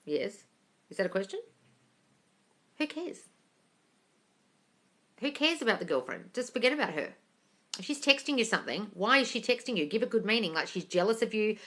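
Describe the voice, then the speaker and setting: A woman chats on a live stream, reading out viewer questions and answering each one. Her voice is bright and forward, and she calls her viewers darling, gushing over good news before giving firm advice. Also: mid-range voice, expressive, a little fast, long pauses. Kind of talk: casual live-stream chat.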